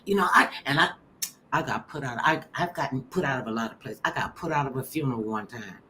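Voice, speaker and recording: A middle-aged woman hosting a chat, telling funny stories in an animated way and acting out what people said. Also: a bass voice, fast, slight background noise. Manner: animated, laughing storyteller who acts out quotes. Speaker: show host. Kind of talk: storytelling chat.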